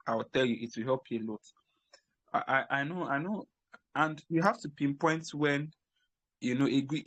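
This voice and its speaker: A man's voice: medium pitch, fairly bright tone, no echo. A man from Africa giving casual, emphatic career advice on crypto work. He repeats key points and often restarts his sentences. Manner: repetitive, emphatic, frequent restarts.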